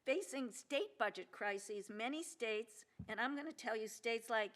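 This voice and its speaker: An older woman speaks at a podium microphone in a lecture hall, giving a keynote. Her voice sits a touch high for a woman. She talks earnestly and stresses key points, stumbles into restarts and fillers, and puts questions to the audience. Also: expressive, measured pace, a bit bright. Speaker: keynote speaker, federal judge. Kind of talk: conference keynote speech. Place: lecture hall at a law symposium.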